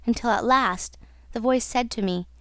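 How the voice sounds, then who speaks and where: A woman's voice: fairly high pitch, normal speed, no room sound, studio quality, close to an everyday voice. A woman reading an audiobook, voicing a young female opera singer who confides her story in an earnest, wistful way.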